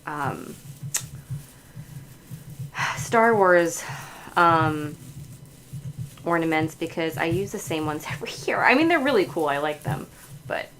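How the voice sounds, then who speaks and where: Laughing, chatty woman with a low voice. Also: animated, takes it slowly, long pauses, a bit bright, a little hiss or hum, low-quality recording. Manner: chatty, laughs often, many fillers. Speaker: livestream host. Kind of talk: casual chat while decorating.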